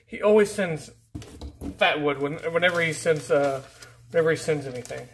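A man hosting a casual mail-call vlog, rambling and easygoing as he opens packages, often trailing off into low mutters. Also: normal speed. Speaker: YouTube channel host. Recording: faint background noise.

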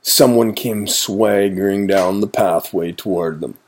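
A man reading a children's story aloud in a gentle, playful, unhurried way. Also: on the low side.

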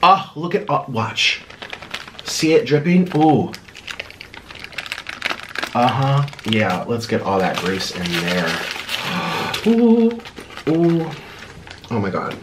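A man's voice: mid-range voice, sing-song, slow pace, pauses often, background noise. A man doing a casual mukbang reaction video, mocking and sarcastic as he talks through mouthfuls of food. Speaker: mukbang YouTuber.

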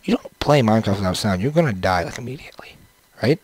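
A man's voice: fairly low pitch, animated, quick pace, darkish tone, no room sound. A young man casually commenting on his own gameplay through a headset, rambling to himself with playful sing-song bits. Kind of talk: casual let's-play commentary. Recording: game music playing under the voice.

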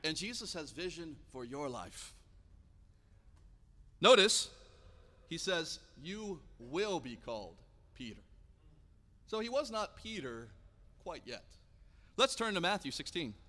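A high, bright male voice preaching in a church, with a long hall reverb trailing each phrase. He tells Bible stories in a relaxed, conversational way and slips casually into the characters' lines. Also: slow, long pauses. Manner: storytelling preacher, acts out biblical dialogue casually. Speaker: pastor. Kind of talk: sermon. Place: church sanctuary.

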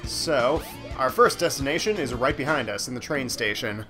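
A man talks through his game in a loose, rambling way, poking fun at himself as he goes. His pitch sits in an ordinary middle range, and bright game music plays under his voice the whole time. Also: lively intonation, moderate pace. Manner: rambling, self-mocking, offhand. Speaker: let's play host. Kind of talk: casual gameplay commentary.

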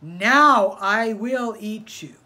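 A woman voicing a hungry, furious male coyote who growls his words loudly. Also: medium pitch, very slow. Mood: menacing. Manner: growling and loud.

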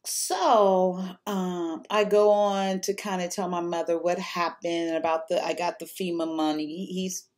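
A woman's voice: on the low side, level tone, unhurried, few pauses, a little mellow. A woman telling a personal story to the camera in a casual, rambling way, swearing freely and filling gaps with ums and restarts.

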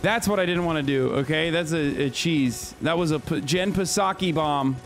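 A man's voice: fairly high pitch, normal speed. A man in his thirties, brashly trash-talking and swearing while streaming a game, yelping when he dies. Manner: yelps and shouts when dying. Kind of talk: live gameplay commentary. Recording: game music playing behind the voice.

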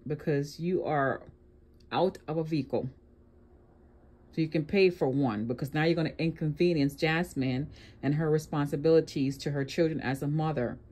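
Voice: mid-range voice, normal speed, darkish tone. Sarcastic reaction host lecturing. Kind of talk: reaction commentary.

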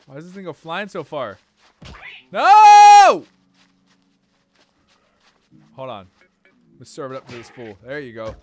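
A man giving playful let's-play commentary as a game streamer, swearing and talking back at the creatures on screen, with sudden loud outbursts. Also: medium pitch, animated, a little fast, dry recording.

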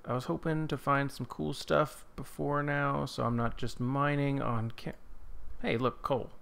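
Slow, rambling man narrating his gameplay. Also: medium pitch, vocal fry. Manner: rambling, easily startled, excited exclamations. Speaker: gaming channel host. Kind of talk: casual let's-play commentary.

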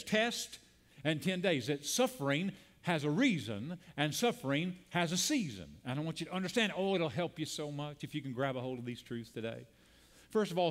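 A man preaching a sermon as a pastor, speaking to a congregation, calling out lines for them to repeat and building to emphatic peaks. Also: on the high side. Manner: preaching with call-and-response and rising emphasis. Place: church sanctuary.

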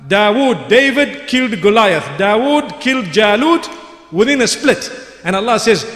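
Guy preaching a story sermon, pretty high voice, lots of emphasis, long hall echo. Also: lively intonation, brisk, a bit bright. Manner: vivid, emphatic storytelling with repeated phrases. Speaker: Islamic preacher. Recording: echoey hall with long reverb.

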